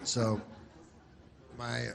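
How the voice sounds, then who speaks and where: A man performing a stand-up comedy set with a dry, deadpan, rambling delivery. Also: medium pitch, drawn-out words, creaky.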